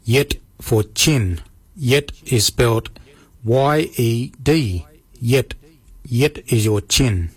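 A man giving a short radio language lesson, saying each word slowly and spelling it out letter by letter. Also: mid-range voice, husky, dry recording. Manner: slow, spells words letter by letter. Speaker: language teacher.

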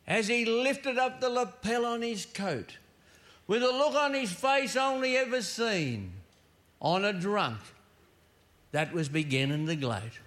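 A man's voice: high voice, expressive, fairly bright tone. A man reciting a comic rhyming poem as a storyteller. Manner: storytelling, drawn-out delivery.

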